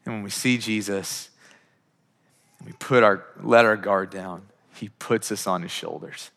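A man's voice: fairly low pitch, unhurried, vocal fry, fairly bright tone. A man in his thirties preaching a sermon as pastor, emphatic and full of rhetorical questions. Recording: long hall reverb.

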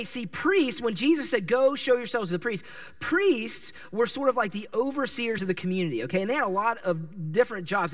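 A male pastor preaching a sermon, telling a story with lively, animated delivery and acting out the people in it. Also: high-pitched, distant mic. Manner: animated storytelling, acts out characters and yells their lines.

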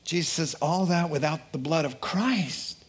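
A pastor preaching a sermon in an animated way, acting out quotes and voices with humor. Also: male voice, on the high side, a little slow.

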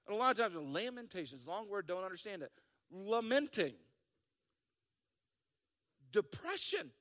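A man from South Dakota, a pastor preaching a sermon in an animated, joking way. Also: high-pitched, brisk, in a large hall. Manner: animated, joking, acts out listeners' voices.

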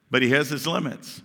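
A male pastor delivers a conversational sermon, retelling scripture and asking the congregation questions as he goes. His voice is bright and forward, at a middle pitch. Long reverb fills the church sanctuary around him. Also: creaky.

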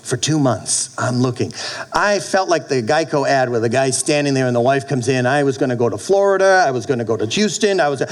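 Speaking at medium pitch and a fairly quick clip, a fifties-aged pastor gives an energetic sermon. Restarts come often, along with sudden soft dips.

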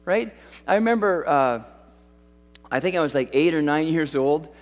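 High-voiced male pastor in a reverberant hall. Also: lively intonation, moderate pace. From Western Canada. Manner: conversational storytelling with self-deprecating humor. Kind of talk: sermon.

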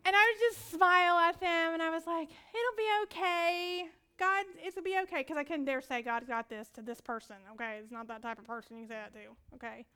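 A woman preaching a sermon, telling a personal story with lively audience prompts and frequent laughter. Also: high voice, fast talker, hardly any pauses, smooth. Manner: laughs often.

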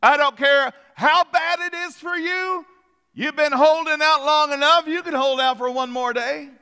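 A male pastor playing a pompous, passive-aggressive synagogue leader in a sermon, with a much higher, haughty voice. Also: fairly even intonation, measured pace, sharp tone, exaggerated voice. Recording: long hall reverb.

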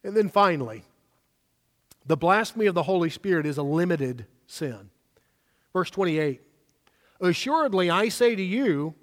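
A pastor delivers his sermon in a raised, high-pitched voice, pressing hard on the words he wants to land. The sound carries the long reverb of a large church hall. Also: expressive. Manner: emphatic, slows down for stress.

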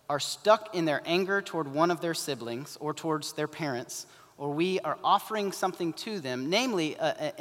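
A man delivers a sermon in a chatty way, now and then acting out the people he quotes. His voice sits a little high for a man. A long hall reverb trails after each phrase. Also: fairly bright tone. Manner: conversational preaching, acting out voices in quoted asides. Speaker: pastor.

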